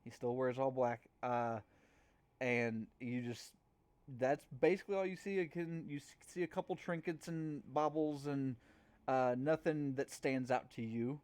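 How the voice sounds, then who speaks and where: Halting man narrating as game master. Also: mid-range voice, steady tone, a little mellow. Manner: halting, with many fillers and restarts.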